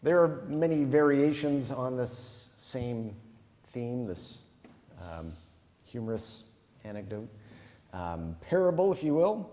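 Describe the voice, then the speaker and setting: A male pastor giving a relaxed, conversational sermon, thinking aloud with fillers. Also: medium pitch, takes it slowly, in a large hall. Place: chapel.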